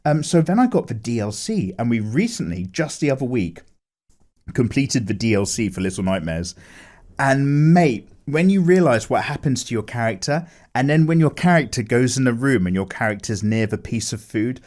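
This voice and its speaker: Animated man chatting on stream. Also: mid-range voice, normal speed. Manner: animated, lots of fillers, reads chat aloud. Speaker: art streamer chatting with viewers. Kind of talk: casual chat while drawing.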